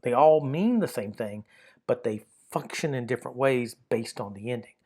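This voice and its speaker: A man's voice: medium pitch, animated, normal speed, a little mellow. A man teaching a lesson on Greek grammar, explaining rules patiently and repeating key points.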